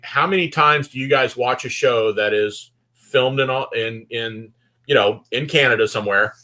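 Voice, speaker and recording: Bright-voiced chatty man from Texas. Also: medium pitch. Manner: chatty, rambling with restarts. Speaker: guest. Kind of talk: casual video call chat. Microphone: video call.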